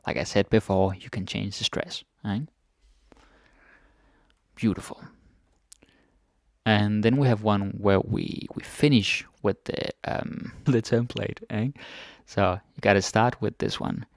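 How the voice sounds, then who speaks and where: Slow, gravelly male teacher. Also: lowish voice, dry recording, studio quality. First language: Danish. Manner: relaxed, repeats words, asks "right?" often. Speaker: language teacher. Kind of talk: casual language lesson.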